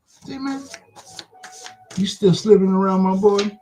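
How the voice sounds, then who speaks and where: A man hosting an online broadcast, delivering an impassioned religious monologue with rapid-fire rhetorical questions that taunt the listener. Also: sits high, over music.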